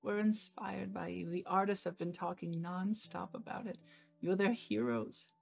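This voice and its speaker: A woman voicing a kindly female innkeeper who speaks gently and earnestly and calls people "my dear". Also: lowish voice, moderate pace, creaky, soft background music, voice pushed up. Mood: warm sincere.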